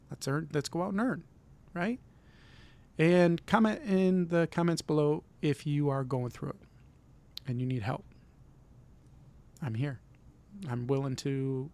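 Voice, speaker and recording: A man's voice: fairly high pitch, a little mellow. A middle-aged man from Michigan hosting his own vlog, giving an earnest, encouraging motivational talk and often repeating himself. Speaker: vlog host.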